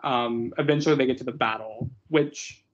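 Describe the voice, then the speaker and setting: A man's voice: medium pitch, steady tone, normal speed. A young man co-hosting a podcast, rambling and mocking in a casual chat full of fillers. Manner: rambling, mocking, many fillers, laughs often. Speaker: podcast co-host. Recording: dull lo-fi recording.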